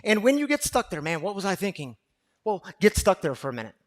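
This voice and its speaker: A man preaching a sermon to a recovery gathering, impassioned and repetitive, swinging from loud to hushed. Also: high voice, very animated, quick pace. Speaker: pastor.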